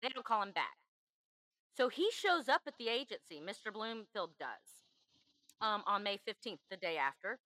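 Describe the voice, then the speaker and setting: A woman's voice: mid-range voice, big pitch swings, normal speed, bright, forceful tone, no room sound, rough recording. A woman hosting a true crime podcast, telling the story in an emphatic, chatty way. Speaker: podcast host.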